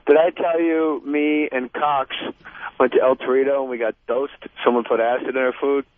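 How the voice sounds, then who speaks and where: A man calling in to a radio show, rambling through a long casual story in an animated way. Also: medium pitch, normal speed, no room sound. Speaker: phone-in guest. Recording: tinny phone line.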